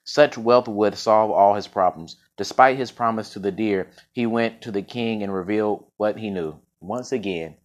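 A man's voice: lowish voice, moderate pace, few pauses. A man reading a fable aloud for a podcast, often tripping over words and correcting himself, with casual slangy asides. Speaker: podcast storyteller. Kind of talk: story reading with casual commentary.

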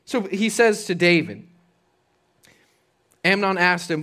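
A man's voice: high voice, sing-song, slow pace, pauses often, sharp tone. A man preaching a sermon as a pastor, conversational and casual with slang.

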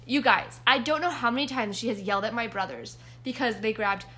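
A young woman co-hosting a casual podcast tells family stories, speaks directly to listeners, and giggles often. Her voice is on the high side, brisk, bright, and forceful, with a slightly rough edge.

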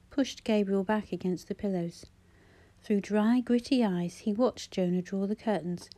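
A woman reading a novel aloud as an audiobook narrator, in a measured, gentle storytelling manner. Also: medium pitch. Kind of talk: scripted narration.

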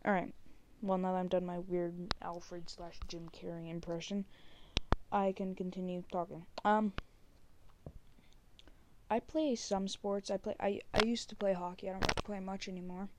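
A woman's voice: fairly low pitch, steady tone, unhurried, background noise. Rambling woman hosting a solo podcast. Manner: rambling, many fillers, trails off softly. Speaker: podcast host. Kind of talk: casual solo podcast chat.

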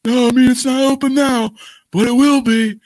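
A man's voice: extremely high pitch, fairly even intonation, normal speed, a little mellow, no room sound, pitched above the performer's own voice. A man putting on a raised, falsely polite voice for a businesslike male executive. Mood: mock polite.

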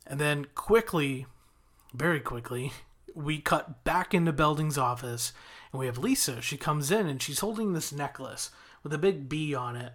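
A man's voice: fairly high pitch, normal speed. A man casually recapping a TV episode as a podcast host, quoting characters' lines as he retells it. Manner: animated retelling with quoted lines.

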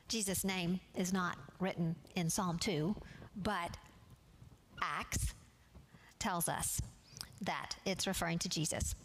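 A woman teaching a Bible study class from slides. She speaks in a measured, earnest way and leans on key words. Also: fairly low pitch, fairly bright tone, a little hiss or hum.

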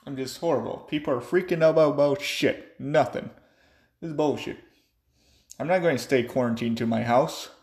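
Young man, profane angry rant, echoey room, gravelly. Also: mid-range voice, moderate pace, a little mellow. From United States. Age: young adult. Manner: profane, agitated ranting. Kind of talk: angry ranting monologue.

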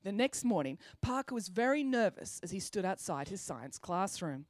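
A woman reading a children's story aloud, expressive and good-humoured. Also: mid-range voice, normal speed, no room sound.

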